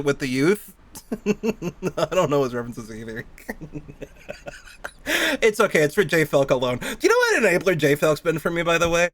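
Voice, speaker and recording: A man's voice: a little high, a bit bright. A man chatting casually on a live stream while gaming, rambling from thought to thought, laughing often and swearing freely.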